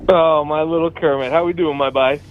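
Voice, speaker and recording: A man's voice: fairly high pitch, fairly even intonation, a little fast, phone-quality sound, a little hiss or hum. A man calling in with a goofy joking question. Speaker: caller.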